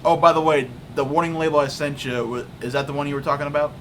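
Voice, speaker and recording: A man's voice: on the high side, steady tone, quick pace, fairly bright tone, slight background noise. Teasing man with a slightly raised voice. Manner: joking, teasing, laughs at his own jokes. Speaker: streamer, host. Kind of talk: casual chat on a livestream.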